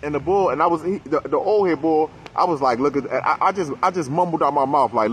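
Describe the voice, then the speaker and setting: Man, fairly high voice, fiery profane monologue to camera. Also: a little fast, hardly any pauses, slight background noise. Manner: profane, preachy, addresses his people. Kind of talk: impassioned conspiracy rant.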